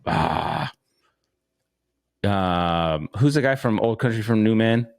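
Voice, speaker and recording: A man's voice: fairly low pitch, lively intonation, slow, smooth. Profane rambling podcast man. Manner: profane, rambling, repeats himself. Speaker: podcast co-host. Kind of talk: casual chat.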